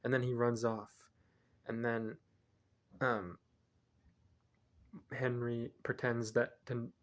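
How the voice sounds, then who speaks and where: A man's voice: mid-range voice, monotone, a little slow. A man reviewing a film, retelling its plot casually in a rambling way and often correcting himself. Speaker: movie reviewer.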